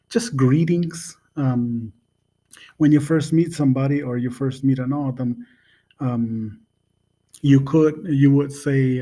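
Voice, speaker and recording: Man, casual language lesson, slow unhurried delivery, lots of pauses, spells words out, repeats phrases. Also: mid-range voice. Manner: relaxed and unhurried, with many pauses and fillers; spells out words letter by letter and repeats them slowly. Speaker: language teacher.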